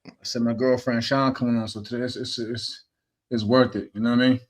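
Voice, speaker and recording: A man's voice: medium pitch, little pitch movement, fairly quick. A man co-hosting a podcast, chatting casually in an easygoing way with lots of filler phrases. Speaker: podcast co-host.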